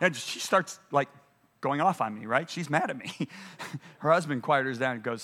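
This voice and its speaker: A man's voice: mid-range voice, fairly quick, fairly bright tone. A man preaching a sermon, telling a story with dramatic voiced quotes and sudden bursts of energy. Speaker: guest preacher. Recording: played from a church stream.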